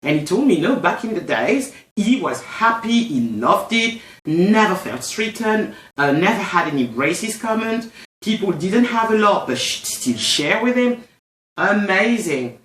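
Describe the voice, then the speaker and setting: A woman's voice: mid-range voice, sing-song, unhurried, reverberant. A woman from France with a French accent, talking in a casual discussion and often searching for her words. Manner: hesitant, searching for words, many restarts.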